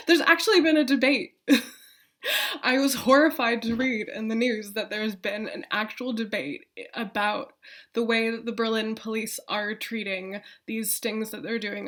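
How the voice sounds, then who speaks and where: A woman's voice: on the high side, fairly bright tone. A woman talking casually to the camera from a room in her apartment, chatty, laughing often and swearing freely. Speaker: vlogger.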